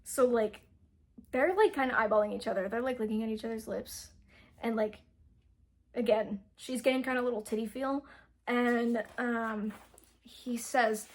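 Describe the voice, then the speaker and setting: Young woman gushing over a book plot, says like constantly, slightly high voice, keeps interrupting herself. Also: moderate pace. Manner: rambling, fills speech with "like"; self-interrupting, excitable. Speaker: book reviewer. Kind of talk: casual book recap.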